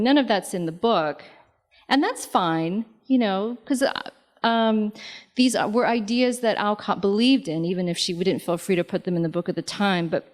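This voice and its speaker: A woman author giving a public talk in a library lobby, speaking conversationally with many fillers and lively asides. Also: medium pitch. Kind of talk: public lecture.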